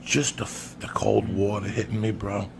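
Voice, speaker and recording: Gravelly low-voiced man telling a profane story. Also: fairly even intonation, normal speed, noisy background. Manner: profane, emphatic, keeps addressing the listener by name. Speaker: podcast storyteller. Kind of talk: casual comic storytelling.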